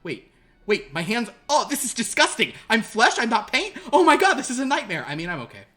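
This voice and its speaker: A man's voice: fairly high pitch, animated, quick pace, fairly bright tone, voice pushed up. A man voicing a frantic young woman who panics over her hands and colors. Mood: panicked. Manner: shrieking, frantic.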